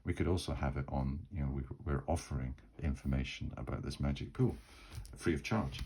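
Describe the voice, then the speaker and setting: A man talking through his solo tabletop role-playing game at a rambling pace. His voice is extremely deep, with a husky grain to it. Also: steady tone, a little fast, mellow, poor audio. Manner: rambling, many fillers and restarts.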